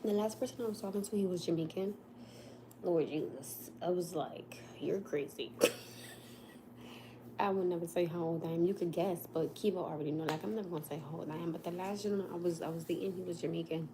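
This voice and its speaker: A woman's voice: lowish voice, steady tone, fast, background noise. An American woman hosting a casual livestream from home, chatting and laughing with her viewers. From United States. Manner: chatty, laughs often, talks straight to viewers. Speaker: livestream host. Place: at home, snowed in.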